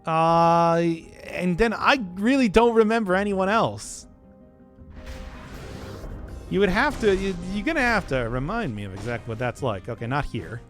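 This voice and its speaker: A man's voice: sits high, normal speed, fairly bright tone, faint music behind. A man streaming a game, rambling in casual commentary and laughing at his own jokes.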